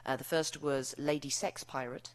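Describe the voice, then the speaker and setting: A woman's voice: very deep voice, steady tone, moderate pace, background noise. A British woman author speaking at a live event, then reading her novel aloud with wry, bawdy comic delivery. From United Kingdom. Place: live event before an audience.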